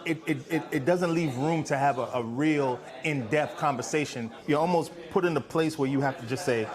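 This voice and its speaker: A man's voice: on the high side, fairly quick, few pauses, crowd noise. A man speaking as a panel guest in a roundtable discussion, hesitant and restarting often.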